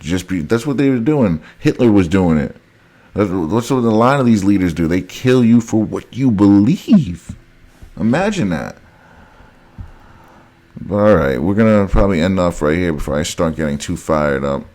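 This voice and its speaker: A man with a very deep voice delivers a heated vlog rant. He repeats himself, circles back and keeps addressing his viewers as guys. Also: lively intonation, normal speed, a little mellow. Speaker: vlogger. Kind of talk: ranting monologue to camera.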